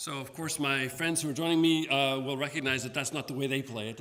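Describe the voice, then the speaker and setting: A man's voice: medium pitch, a little fast, few pauses, loud music behind the voice. Man lecturing in a reverberant hall. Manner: friendly, self-deprecating, with frequent restarts. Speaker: music lecturer. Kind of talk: informal music lecture with playing.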